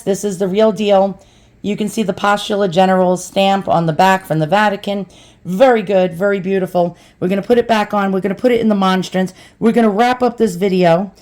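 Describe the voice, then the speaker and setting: A woman's voice: mid-range voice, a little mellow. A woman in her forties, rambling and chatty as she talks through an unboxing vlog at home, calling her viewers boys and girls. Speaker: vlogger.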